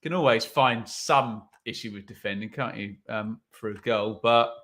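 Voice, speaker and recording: A man's voice: fairly low pitch, moderate pace, a bit bright. A man hosting a live football watch-along, commenting on play and reading viewer comments with wry asides.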